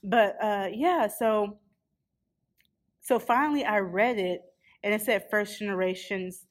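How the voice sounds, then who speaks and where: A woman's voice: medium pitch, takes it slowly. Chatty young woman telling a story. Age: 20s. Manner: chatty storyteller, acts out quotes. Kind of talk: casual chat.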